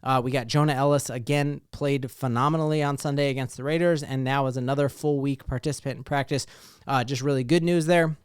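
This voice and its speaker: A man hosting a casual sports talk show, excited and rambling with lots of fillers. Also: mid-range voice, fairly quick, clear, resonant tone, no room sound, clean studio sound.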